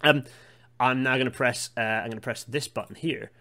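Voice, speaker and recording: A man's voice: medium pitch, steady tone, normal speed, pushed and bright. Rambling, digressive male podcast host. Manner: rambling, digressive and self-deprecating. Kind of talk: casual chat.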